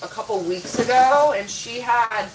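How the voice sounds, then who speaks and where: A woman's voice: fairly high pitch, a little slow, slight background noise, rough recording. A woman casually chatting with her viewers in her home kitchen, rambling, full of "like" and casual swearing. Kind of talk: casual chat. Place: home kitchen, doing chores.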